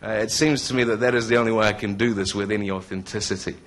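Speaking fast in a lowish, slightly bright voice with fairly even intonation, this man delivers a conversational testimony with jokes to a live crowd. He's in his thirties, born in Scotland, and has a New Zealand accent.

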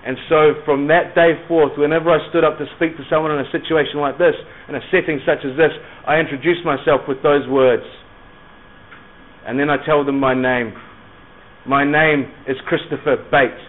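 A man's voice: on the high side, fairly even intonation, moderate pace. A middle-aged man sharing a personal Christian testimony in an earnest, emphatic storytelling manner. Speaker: Christian speaker. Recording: tinny phone-like recording.

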